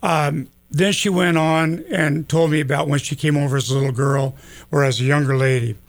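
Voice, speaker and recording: A man's voice: fairly high pitch, steady tone, normal speed. A man who owns a gun store, talking as a guest in a folksy, rambling way full of ums and uhs. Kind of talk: casual talk radio chat.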